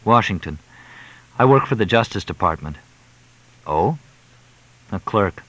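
A man voicing a grieving young government clerk who answers in short, flat, weary replies. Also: fairly low pitch, a little slow, no echo, rough recording.

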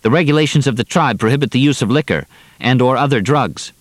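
A man's voice: mid-range voice, lively intonation, quick pace, dry recording, clean studio sound, pitched above the performer's own voice, lightly acted. Man voicing a formal, defiant young prisoner.

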